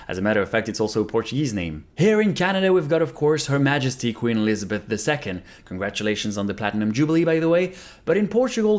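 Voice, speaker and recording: A man narrating a casual language lesson, repeating phrases slowly after an app. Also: medium pitch. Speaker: language learner vlogger. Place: Canada.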